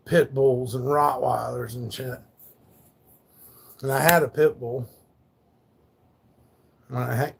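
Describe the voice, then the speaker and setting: A man's voice: mid-range voice, creaky, husky. A man telling rambling, profane stories on a casual livestream, laid back and loose. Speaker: live streamer.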